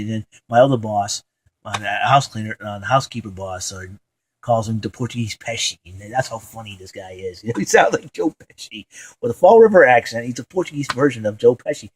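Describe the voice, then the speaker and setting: A man's voice: mid-range voice, a little mellow, low-quality recording. Rambling man hosting a casual vlog. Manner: rambling, many fillers, enthusiastic. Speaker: show host. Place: at home.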